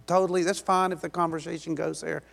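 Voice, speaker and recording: A man's voice: on the high side, level tone, fast, gravelly, fairly bright tone. A male pastor giving a conversational, self-deprecating sermon in a church, often restarting his sentences.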